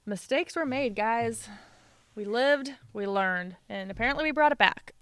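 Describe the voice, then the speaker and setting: A woman co-hosting a podcast in casual chat, telling a story with animated quoted voices and frequent laughter. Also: a little high, measured pace, clean tone, no echo. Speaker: podcast co-host.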